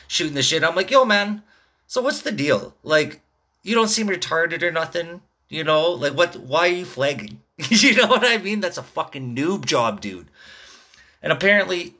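A man in his thirties with a slightly high, sharp voice rambles through a casual rant, cursing nonstop. He drawls "dude" and "man" onto the ends of his sentences.

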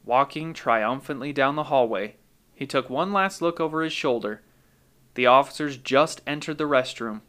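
Guy narrating a daydream story on his podcast, calm and even, mid pitch. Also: normal speed.

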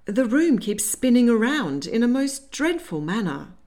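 A woman's voice: a little high, sing-song, measured pace, warm tone, pitched above the performer's own voice. A woman playing a flustered, tipsy young lady. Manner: flustered, indignant, a little giddy.

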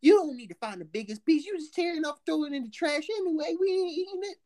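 Loud, profane young woman, lively pitch. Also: quick pace, no room sound. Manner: loud, profane, animated storytelling. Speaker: podcast co-host. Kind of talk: casual podcast chat.

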